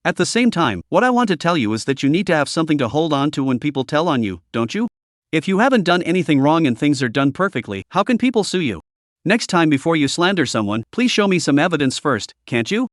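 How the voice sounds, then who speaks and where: A man's voice: on the high side, sing-song, fast, no room sound, clean studio sound. A man narrating voices a stern male class president who speaks in a firm, lecturing way.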